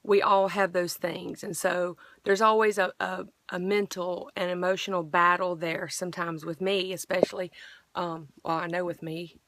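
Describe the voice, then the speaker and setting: A woman's voice: lowish voice, little pitch movement, normal speed, fairly bright tone, dry recording. A middle-aged woman earnestly sharing a personal faith testimony, rambling with frequent restarts.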